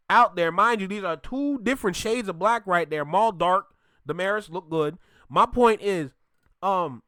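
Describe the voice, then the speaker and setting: This reaction-video host is a man with a high voice who keeps things loose and playful, putting on mock indignation and dragging out certain words to make a point. The sound is dry and studio-clean.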